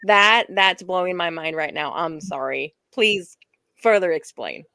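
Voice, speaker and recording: Apologetic host, low and gravelly. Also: female voice, lively intonation, unhurried, bright, forceful tone. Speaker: podcast host. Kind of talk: casual interview on a video call.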